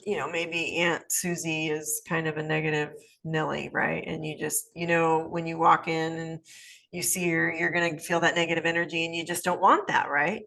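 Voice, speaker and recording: A woman's voice: sits low, level tone, moderate pace, creaky, a bit bright. A woman hosting a casual advice talk, chatting loosely with many fillers and asides, and acting out little quoted scenes. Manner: chatty, rambling, lots of fillers and "right?"; acts out little quoted scenes in changed voices. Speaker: podcast host, life coach.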